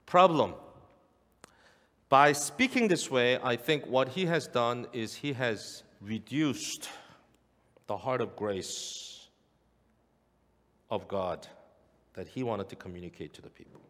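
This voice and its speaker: A man's voice: mid-range voice, takes it slowly, pauses often, a bit bright. Emphatic male pastor in echoing church. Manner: emphatic, repeats key phrases. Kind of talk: sermon. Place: church sanctuary. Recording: long church hall reverb.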